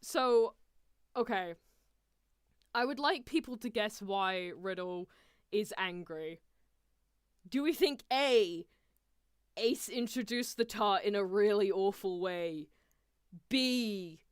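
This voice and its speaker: A woman's voice: medium pitch, unhurried, clean tone, dry recording. Giggly woman streamer, dry sound. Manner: giggly, chatty, asks chat questions. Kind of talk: casual watchalong commentary.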